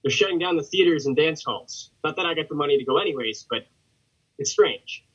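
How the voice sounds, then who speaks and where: A man's voice: on the high side, animated, fairly quick, fairly bright tone. A man acting a chatty young factory worker and union man, reading his letter in a plainspoken way in a theatre monologue. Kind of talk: theatre monologue over video call. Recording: husky, muffled video-call audio.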